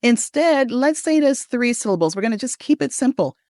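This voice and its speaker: A little high and slightly mellow, the American woman's voice has lively intonation as she coaches pronunciation in an upbeat lesson. She says model words slowly and deliberately for repetition, and the studio sound is clean with no echo.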